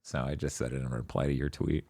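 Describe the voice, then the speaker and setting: A man co-hosting a casual gaming podcast, joking and animated, swearing now and then. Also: a bass voice, fast, vocal fry, no echo, clean studio sound. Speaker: podcast co-host. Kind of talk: casual chat.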